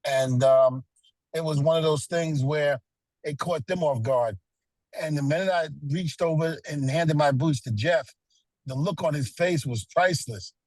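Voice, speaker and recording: A middle-aged man talks as an interview guest, relating personal stories earnestly and peppering them with "you know." His voice sits a little high for a man. The sound is dry and close. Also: a little slow, darkish tone, no echo, low-quality recording. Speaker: guest, retired pro wrestler. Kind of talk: casual interview.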